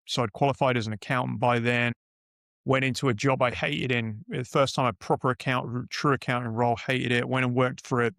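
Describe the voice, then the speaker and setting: A middle-aged man with a British accent talks through his career in a loose, meandering way, often restarting his sentences. His voice sits at an ordinary pitch and is recorded dry and close, with no room around it. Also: fairly bright tone, dry recording. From United Kingdom. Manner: rambling, self-correcting anecdotes. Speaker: podcast guest. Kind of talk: casual interview storytelling.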